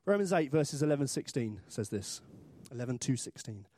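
A man's voice: medium pitch, sing-song, brisk, mellow, no room sound, studio quality. A man from Britain preaching a sermon in church, chatty and self-deprecating, acting out little voices for humor.

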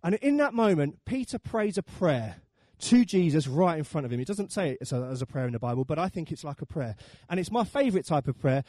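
A man's voice: on the high side, sing-song, brisk, mellow, dry recording, clean studio sound. A man preaching a sermon, telling the story with animation and acting out the voices.

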